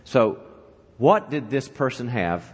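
In a reverberant hall, a man gives a conference talk at a church leadership event, his medium-pitched voice slow and slightly rough. Animated and conversational, he tells a joke and asks the audience questions.

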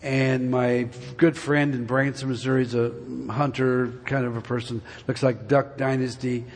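A man's voice: mid-range voice, little pitch movement, moderate pace. A man in his seventies giving a church testimony, telling a folksy, meandering personal story to the congregation. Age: 70s. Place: church sanctuary. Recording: long reverb of a large hall.

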